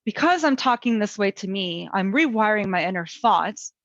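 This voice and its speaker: Gentle woman coaching parents. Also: mid-range voice, animated, normal speed, no echo, lo-fi sound. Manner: gentle, coaching, models soothing self-talk. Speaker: parent educator. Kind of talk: webinar teaching.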